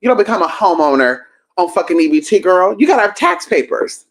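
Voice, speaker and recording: A woman hosting a livestream, telling a story in a sassy, profane, animated way. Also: on the low side, brisk. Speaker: livestream host.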